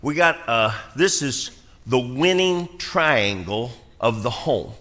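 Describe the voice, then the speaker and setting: Preacher guy, folksy and worked up, bright ringy voice in a big echoey church. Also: mid-range voice, animated, slow. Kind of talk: sermon with family demonstration. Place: church sanctuary.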